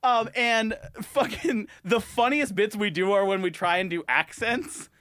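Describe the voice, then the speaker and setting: A man co-hosting a podcast in casual banter, jokey and animated, laughing often and slipping into silly accents. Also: high-pitched, a little slow, dry recording, studio quality. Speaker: podcast co-host.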